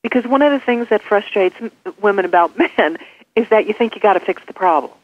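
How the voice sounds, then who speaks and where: A woman executive coach answering interview questions, animated and acting out example phrases. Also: medium pitch, fairly quick, dry recording, faint music behind. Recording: tinny phone line.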